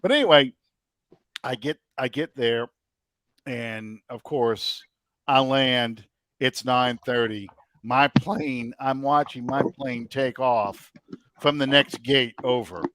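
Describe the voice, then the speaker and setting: A man in the middle of a casual story on his podcast, speaking with lively energy and laughing often. His voice sits in an ordinary middle range. The sound is dry and close, with no room around it. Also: medium pitch, takes it slowly, no echo. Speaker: podcast host.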